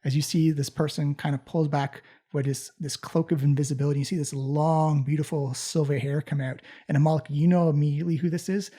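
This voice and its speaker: A man narrating a tabletop game as game master, relaxed and halting, with many fillers. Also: fairly high pitch, slightly rough.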